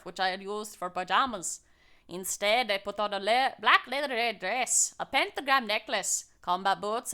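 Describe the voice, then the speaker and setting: A woman voicing a gothic teenage vampire girl who narrates her day, reading slowly in a shaky put-on Scottish-Irish accent. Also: fairly high pitch, sharp tone. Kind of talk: comic dramatic reading of fan fiction.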